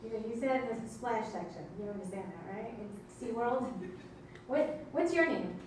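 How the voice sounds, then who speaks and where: A woman's voice: on the high side, lively intonation, moderate pace, background noise. A woman, emceeing stand-up comedy in a club with wry, teasing crowd work. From Brooklyn, New York. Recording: echoey club audio from far off.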